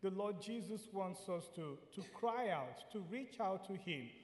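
A man from Nigeria preaching a sermon, earnest and repeating key phrases, sometimes singing lines slowly. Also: high voice, animated, reverberant, in a large hall.

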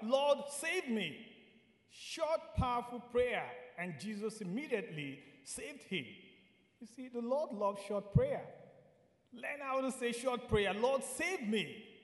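Delivering a sermon with real earnestness, a man from Nigeria keeps returning to key phrases and occasionally sings lines at a slow pace. He has a high voice, and the sound is reverberant, like a large hall.

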